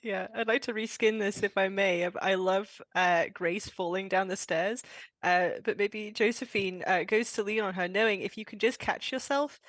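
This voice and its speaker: A woman running a tabletop game as game master, upbeat and quick to laugh. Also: medium pitch, a bit bright, no room sound.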